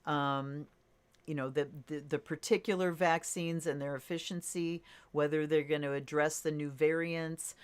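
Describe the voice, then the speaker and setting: A woman doing a casual tarot reading, thinking aloud in a relaxed way with fillers and soft laughs. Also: low-pitched, moderate pace, clear, resonant tone. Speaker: tarot reader.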